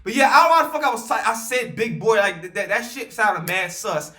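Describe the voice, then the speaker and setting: A young man telling a casual, animated, profane storytime story at home, with loose slang. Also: high-pitched, a little fast.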